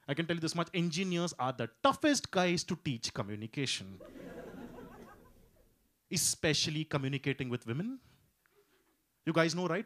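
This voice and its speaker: A man's voice: medium pitch, a bit bright. A man with a Mumbai Indian English accent performing a stand-up set in an easy, conversational manner. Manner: conversational, slips into Hindi quotes. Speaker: stand-up comedian. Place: comedy club stage.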